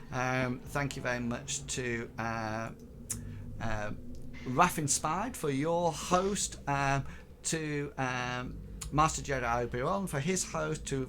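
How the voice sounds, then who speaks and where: A man narrates a tabletop adventure for his players, speaking slowly and stumbling through frequent ums and false starts. A constant hum of background noise sits clearly under his voice on the stream. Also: medium pitch. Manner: hesitant, full of ums and restarts. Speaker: game master.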